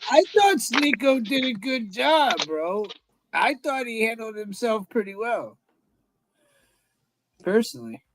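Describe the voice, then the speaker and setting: A man's voice: very high voice, big pitch swings, a little slow, long pauses, a bit bright, poor audio. A man hosting a live stream, chatting loosely and swearing a lot. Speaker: stream host. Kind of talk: casual profane chat. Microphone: streaming call.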